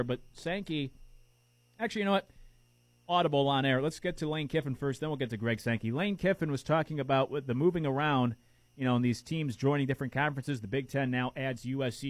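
A man's voice: mid-range voice, no echo. A man hosting a sports talk show, chatty and opinionated, tossing out rhetorical questions. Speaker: sports radio host.

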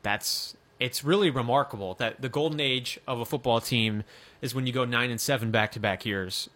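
A man's voice: mid-range voice, moderate pace, a bit bright. A man with a Michigan accent hosting a casual sports podcast, reading excerpts and joking. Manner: reads excerpts aloud, joking.

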